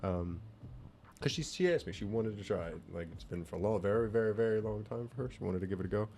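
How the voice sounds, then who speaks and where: A man's voice: lowish voice, fast talker, darkish tone, a little hiss or hum. A laid-back man telling a rambling story in casual podcast chat, swearing now and then. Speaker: podcast co-host.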